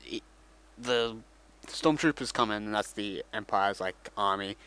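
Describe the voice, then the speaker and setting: A man's voice: lowish voice, measured pace, bright, forceful tone, clear, resonant tone. Casual male vlogger, rambling comic retelling, self-correcting.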